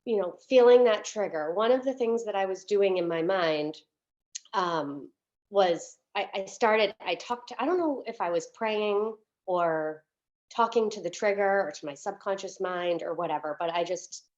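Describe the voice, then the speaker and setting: A woman's voice: mid-range voice, normal speed, darkish tone. A woman minister giving a sermon as a candid, chatty personal story, with many fillers and restarts, at times close to tears. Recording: dull lo-fi recording.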